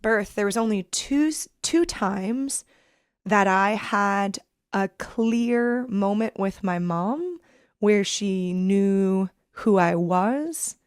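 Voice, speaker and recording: A woman in her thirties, a podcast guest telling a personal story in an earnest, reflective, halting way. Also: medium pitch, clean tone, dry recording, clean studio sound. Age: 30s.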